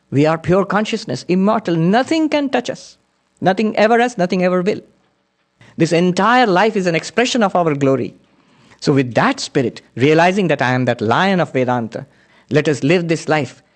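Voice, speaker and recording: A man's voice: high voice, lively intonation, normal speed. A man, a spiritual teacher, giving an earnest lecture that mixes teachings, stories and chanted Sanskrit verses.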